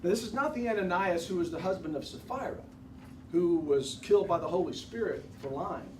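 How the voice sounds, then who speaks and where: A man's voice: high-pitched, a little fast, lightly acted. A man playing a candid, repentant first-century former persecutor in a conversational first-person monologue for a church class. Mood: earnest. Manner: conversational, addresses the audience directly, folksy asides. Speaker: actor portraying a biblical figure for a church class. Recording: roomy, distant recording with background noise.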